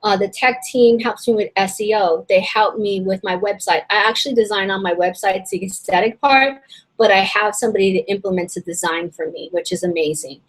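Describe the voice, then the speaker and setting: A woman hosting a casual online business session. She talks in a chatty, rambling way, full of fillers and restarts, and her voice is a little hoarse and strained. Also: medium pitch, brisk, poor audio. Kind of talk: casual webinar teaching.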